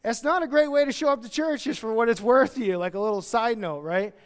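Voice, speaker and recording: High-voiced pastor preaching, chatty and jokey, bursts out loud when excited. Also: male voice, fast, clean tone. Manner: conversational, animated, jokey preaching with sudden loud outbursts. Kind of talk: sermon.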